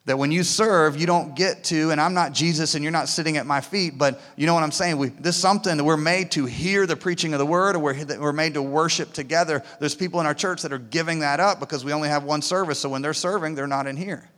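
A male pastor preaches with a slightly high voice, rising to loud emphatic peaks and dropping to hushed asides. The long reverb of a large church hall trails after his words. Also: quick pace, few pauses. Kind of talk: sermon. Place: church auditorium.

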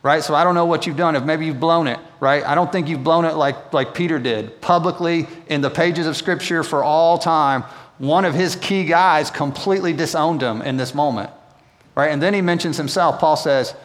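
A man's voice: fairly high pitch, normal speed, long reverb tail. A male pastor preaching a sermon in a conversational way, often checking in with the congregation. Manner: conversational, asks the room "right?" often. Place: church auditorium.

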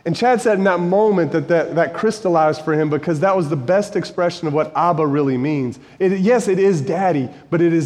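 A man in his forties delivers a conversational sermon in a fairly high voice. He tells stories earnestly and builds to emphatic peaks, and his words ring with the long reverb of a large church hall. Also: brisk, few pauses, darkish tone. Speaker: preacher and high school Bible teacher.

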